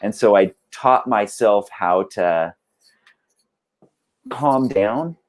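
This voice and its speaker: A man's voice: lowish voice, animated, very slow. A man who plays in a band, chatting casually over a video call, rambling with lots of "like" and "dude". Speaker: band member guest.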